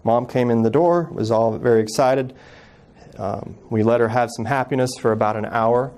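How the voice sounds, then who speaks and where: A man in his thirties giving an earnest personal storytelling talk as a guest speaker, acting out family members' words softly. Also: medium pitch, moderate pace, clear, resonant tone. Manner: earnest, acts out quoted family voices softly.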